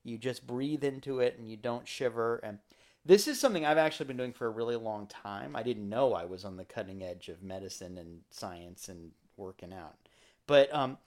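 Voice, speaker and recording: A man's voice: medium pitch, lively intonation, normal speed, darkish tone. A man co-hosting a podcast, chatting casually and telling rambling, playful stories. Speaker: podcast co-host. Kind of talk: casual chat.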